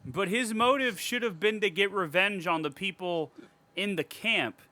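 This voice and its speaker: A man's voice: high-pitched, normal speed, pushed and bright. A man co-hosting a podcast, chatting casually about a horror movie in a rambling, profane way with frequent laughter. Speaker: podcast co-host.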